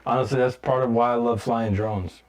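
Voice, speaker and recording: A man's voice: mid-range voice, fairly even intonation, brisk. A man making laid-back, brief remarks in a casual podcast chat.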